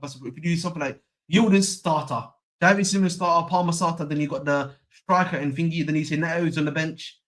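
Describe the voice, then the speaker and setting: A man's voice: on the high side, fairly bright tone. A young man hosting a football fan stream, chatting casually, repeating himself and using slang. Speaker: football channel host. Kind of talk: casual live-stream chat.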